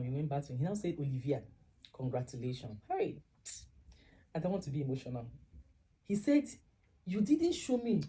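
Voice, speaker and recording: A young woman with a Nigerian accent telling a personal story to camera in a casual, animated way, acting out the dialogue she quotes. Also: fairly low pitch. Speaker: vlogger.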